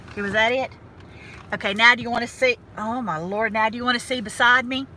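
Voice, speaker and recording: A woman with a slightly high, sharp voice and a North Georgia Southern accent vlogs casually from her car, folksy and poking fun at herself. Her phone or camera is clipped to the sun visor, and faint road and car noise runs underneath.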